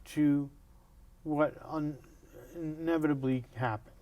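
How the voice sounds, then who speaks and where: A man interviewing a guest, asking earnest, halting questions. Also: fairly high pitch, fairly even intonation, mellow.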